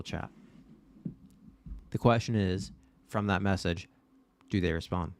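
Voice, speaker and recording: Blunt low-voiced man hosting a stream. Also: a little slow, long pauses, slight background noise. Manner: addresses chat directly, blunt and swearing. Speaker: live-stream host. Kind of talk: casual live watch-party chat.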